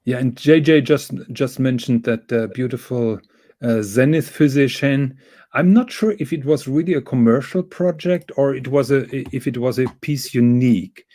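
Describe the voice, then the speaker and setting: Mellow-voiced man, dry close sound. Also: medium pitch, moderate pace, dry recording. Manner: careful, explanatory, with fillers. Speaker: guest on a watch livestream. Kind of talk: casual livestream chat.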